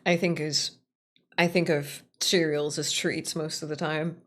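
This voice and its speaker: A woman's voice: sits low, flat delivery, a little slow, fairly bright tone. A woman streamer chatting casually during a game stream, loose, cursing and self-mocking.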